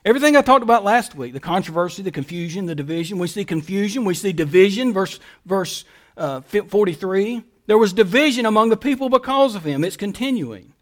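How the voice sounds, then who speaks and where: A man's voice: high-pitched, expressive, fairly quick. A man pastor preaching a sermon, building emphatic lists and rhetorical questions.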